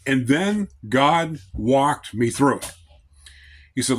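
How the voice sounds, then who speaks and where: A man giving an informal devotional talk as a Christian lay speaker, in a calm, measured, conversational way. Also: medium pitch.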